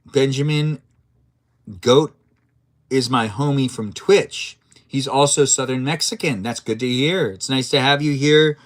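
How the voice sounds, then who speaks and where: A man's voice: medium pitch, unhurried. A man live-streaming a video game, chatting playfully, reacting to the play and reading out viewer messages. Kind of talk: casual gameplay live-stream chat.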